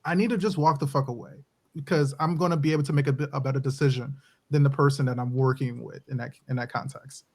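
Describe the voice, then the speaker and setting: A man's voice: medium pitch, fairly even intonation, fast, darkish tone. A man on a casual podcast talking loosely, swearing and restarting as he reasons things out. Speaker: podcast co-host.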